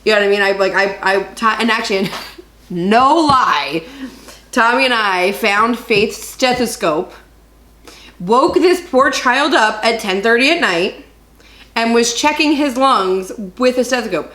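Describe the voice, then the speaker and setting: A woman co-hosting a podcast, telling a story in a rambling, animated way and laughing as she goes. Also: a little high, unhurried, reverberant. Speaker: podcast co-host. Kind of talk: casual chat.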